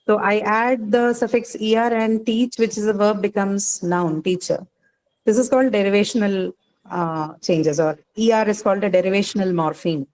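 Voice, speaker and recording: A woman's voice: medium pitch, a little mellow, slight background noise, low-quality recording. Female teacher, patient explainer, fillers and "right?" tags, online lesson. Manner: explains patiently with many fillers and tag questions. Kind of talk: online class lecture.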